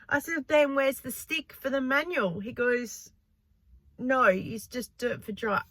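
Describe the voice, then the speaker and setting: Bright, chatty woman vlogging. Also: a little high, moderate pace, no room sound. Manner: animated storytelling with frequent laughs. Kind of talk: casual vlog chat. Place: in a car.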